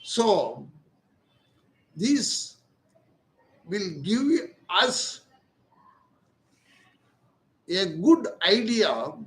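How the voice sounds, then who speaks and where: Slow older Indian surgeon lecturing. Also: male voice, sits high, a bit bright, echoey room, poor audio. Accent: Indian English. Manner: slow, deliberate, repeats key words. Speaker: ENT surgeon. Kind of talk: lecture-style explanation.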